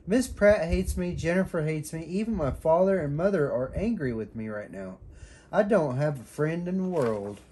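Man voicing a sulky storybook boy, plaintive, slightly raised pitch, mellow tone. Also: expressive, normal speed, slightly rough. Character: glum, misbehaving schoolboy in a storybook.

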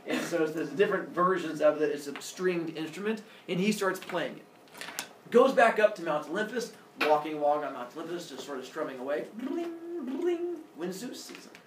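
A storyteller with a somewhat high voice retells a myth fairly quickly, keeping it casual and jokey and filling it with sound effects. He was recorded from a distant mic in a roomy space, with faint background noise.

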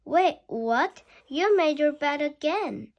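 A woman's voice: sits high, slow pace, darkish tone. A woman voicing a stern mother witch who scolds her daughter in a children's storybook read-aloud. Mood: scolding. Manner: scolding, disapproving.

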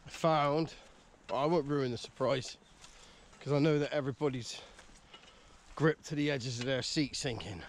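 A man's voice: mid-range voice, a little slow, pauses often, a little hiss or hum. A man vlogging casually, chatty and self-mocking, from in and around a camper van. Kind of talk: casual vlog talk to camera.

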